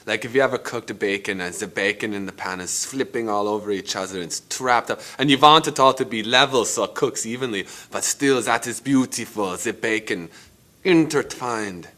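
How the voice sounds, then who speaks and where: A man's voice: lowish voice, normal speed, sharp tone. A man playing a rambling eccentric painter, Hieronymus Bosch. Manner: casual, rambling, crude. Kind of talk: mockumentary interview.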